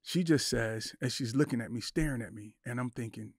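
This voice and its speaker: A man's voice: medium pitch, a little fast. Intense man telling a raw personal story. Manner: intense, acts out inner voices and quotes. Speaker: podcast guest.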